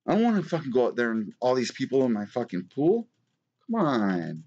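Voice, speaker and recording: A man's voice: medium pitch, huge pitch swings, brisk, a little mellow, slightly rough, muffled recording. A man hosting a live-streamed fight news show from his small apartment, ranting and swearing a lot in casual commentary. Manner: profane, heated ranting. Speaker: MMA news show host.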